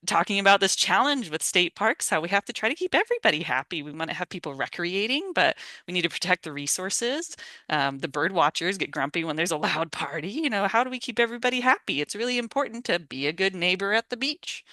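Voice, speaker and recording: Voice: mid-range voice, sing-song, brisk, sharp tone, no room sound. A volunteer trainer giving a casual online training talk, chatty and informal, laughing often and acting out sample lines over a video call microphone. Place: home or office on a video call.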